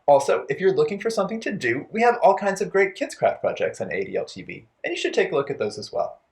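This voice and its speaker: Playful, lively children's storytime host. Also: mid-range voice, fast. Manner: playful, encouraging, talks directly to young children. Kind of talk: children's storytime with songs and rhymes.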